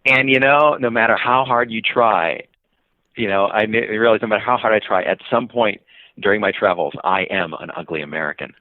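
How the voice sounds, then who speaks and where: A man telling a travel story on a podcast, an animated storyteller who uses many fillers, heard over a tinny phone line. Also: fairly low pitch, brisk, no echo. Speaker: guest, traveler and author.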